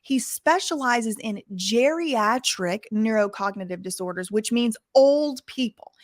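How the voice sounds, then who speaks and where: A woman's voice: on the high side, animated, a little slow, no room sound, studio quality. A woman hosting an investigative commentary, speaking emphatically and repeating points for stress. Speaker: commentary channel host.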